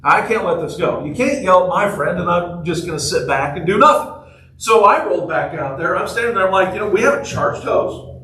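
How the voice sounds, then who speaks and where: A man's voice: sits high, expressive, a little fast, bright, forceful tone, a little hiss or hum. A man preaching a casual, joking sermon to his congregation, telling stories and asking the people in the pews questions. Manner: chatty, jokey, asks the congregation questions. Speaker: pastor. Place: church sanctuary. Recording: echoey room, voice from far off.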